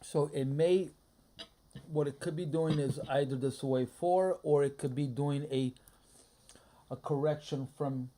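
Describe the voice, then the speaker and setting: A man streaming a live trading session, muttering his thoughts aloud in a low-key, halting way. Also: warm tone. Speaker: day trader streaming a live trading room. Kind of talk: casual live market commentary.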